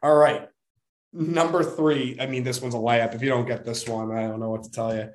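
A man's voice: mid-range voice, fairly even intonation, a little fast, slight background noise. A man co-hosting a casual sports podcast, upbeat as he runs a quiz segment. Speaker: podcast co-host.

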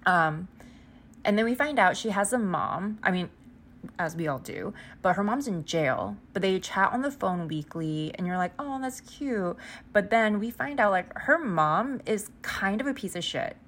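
A podcast host with a medium-pitched, fairly bright voice and lively intonation talks at a moderate pace about a book she's casually recapping. She rambles and veers off topic, dropping "like" all the time along with offhand swear words.

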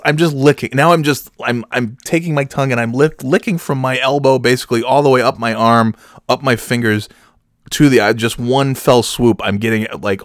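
A man's voice: mid-range voice, dry recording, clean studio sound. A man telling a rambling comic story about himself, self-mocking and swearing freely. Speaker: comedian storyteller.

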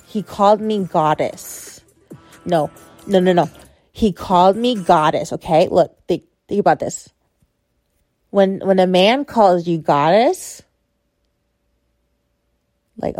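A podcast host in her twenties shares a frank personal story with her listeners, chatty, candid, and full of filler words. Her fairly low, slightly mellow voice moves slowly with frequent pauses. The studio-quality recording has no echo and soft music underneath.

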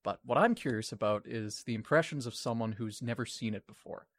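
A man's voice: mid-range voice, brisk, fairly bright tone. A man co-hosting a casual podcast chat, talking in a dry, sarcastic way. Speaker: podcast co-host.

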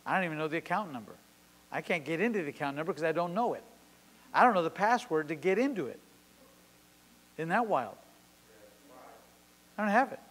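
A man's voice: fairly high pitch, expressive, brisk, long pauses, a bit bright, big-room sound, low-quality recording. A man preaching a sermon as pastor, driving his points home with short, emphatic, repeated declarations.

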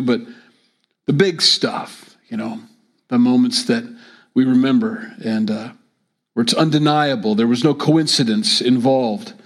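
Man preaching a relaxed conversational sermon. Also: medium pitch. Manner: relaxed conversational teaching with fillers. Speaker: pastor.

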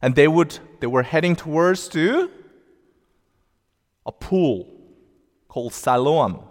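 Slow, emphatic male preacher in a reverberant hall. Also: on the high side, animated. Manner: slow, deliberate, emphatic preaching with rising outbursts. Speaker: pastor. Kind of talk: sermon. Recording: long reverb of a large hall.

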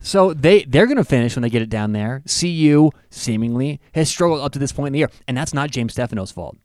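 A man co-hosting a casual sports talk show, analyzing a college football matchup with quick, enthusiastic asides. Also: medium pitch, animated, a little mellow, no room sound, clean studio sound.

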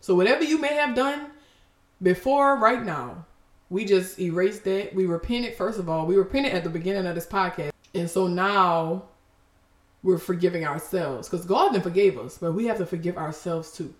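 A woman's voice: lowish voice, normal speed, echoey room. A woman hosting a faith podcast, speaking expressively and emotionally, laughing through tears. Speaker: podcast host.

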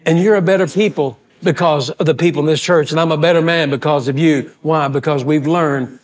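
A pastor delivers a storytelling sermon in a folksy, animated way. His voice sits a little high for a man. He acts out the other people in his stories as he goes. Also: brisk.

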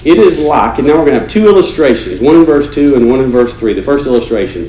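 A man's voice: medium pitch, animated, fast, few pauses, warm tone, far from the mic. Earnest male pastor preaching in a roomy church. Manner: earnest, conversational preaching with repeated words and restarts. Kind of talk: sermon. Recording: roomy church echo, faint noise.

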